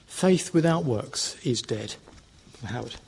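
A man's voice: mid-range voice, animated, a little slow, creaky, darkish tone. A man opening a church Bible class, formally announcing the theme and the speaker. Faint hiss sits under his voice. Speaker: chairman introducing the speaker.

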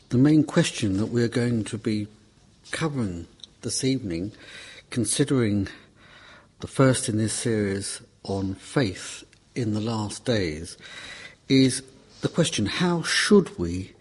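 A man preaching a Bible class talk at an unhurried, deliberate pace. His voice is slightly husky, and he leans on key words and repeats them for emphasis. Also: lowish voice, animated. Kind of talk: sermon.

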